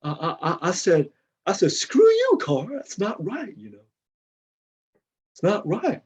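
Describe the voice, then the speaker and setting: A man's voice: high voice, very animated, a little slow, breathy edge, heavily acted. A man playing a flustered older cracker factory worker in improv comedy over a video call, rambling and stammering with bursts of indignation. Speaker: improv performer. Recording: dull lo-fi video call audio.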